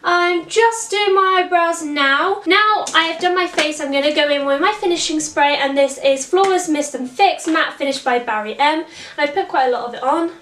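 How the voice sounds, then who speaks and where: Young woman, casual vlog chat, high-pitched, echoey and distant. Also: normal speed, a bit bright, a little hiss or hum. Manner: chatty, repeats words for emphasis. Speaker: children's party princess performer. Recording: roomy echo, mic at a distance.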